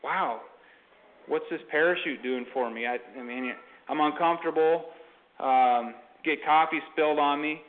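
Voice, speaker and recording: A man's voice: a little high, a little slow, lightly acted. Guy playing a grouchy plane passenger muttering to himself, tinny phone-like audio. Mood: annoyed. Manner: complaining, thinking aloud. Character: grumbling male airline passenger in a parachute.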